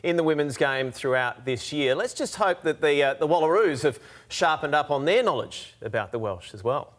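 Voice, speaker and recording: A man leading live rugby coverage in a steady, conversational way. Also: a little high, normal speed. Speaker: lead commentator. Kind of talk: sports commentary.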